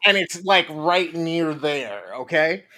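A man telling an animated story in casual chat, swearing freely and acting out the quotes. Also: fairly high pitch, slow.

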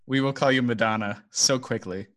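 A man's voice: medium pitch, a little fast, fairly bright tone. A man hosting a podcast in casual chat, leading the segments and laughing easily. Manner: laughing, easygoing, leads segments. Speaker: podcast host.

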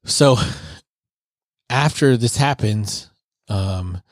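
Male co-host at mid pitch, casual and profane while recapping episode scenes; dry close sound. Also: extremely slow, no echo. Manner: retells scenes, swears freely. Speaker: podcast co-host. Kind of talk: casual review chat.

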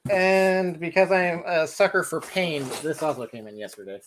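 A man's voice: a little high, expressive, moderate pace, fairly bright tone, slight background noise. A man guest in casual chat, chatty and chuckling as he shows new arrivals.

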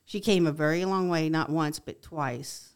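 A woman's voice: low-pitched, moderate pace, smooth. A woman speaking as a podcast guest in casual conversation, earnest and heartfelt. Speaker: guest, family member of a missing person.

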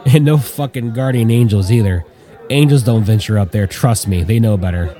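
A man's voice: on the low side, moderate pace, mellow, some chatter behind, lightly acted. A man voicing a jeering, cynical veteran male bomber lieutenant. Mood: grim.

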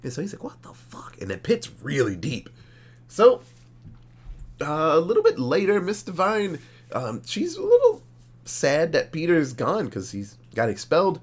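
A man co-hosting a podcast, recapping a horror movie in animated, profane, casual storytelling. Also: on the high side, measured pace, husky. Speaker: podcast co-host. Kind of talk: casual movie review chat.

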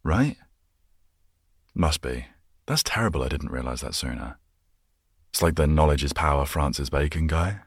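A man's voice: very deep voice, moderate pace, pauses often, no echo, clean studio sound. A man in his twenties with an English accent, hosting a solo podcast in a rambling, musing way, easily amused by his own tangents. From England. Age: 20s. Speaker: podcast host. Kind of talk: casual solo podcast chat.

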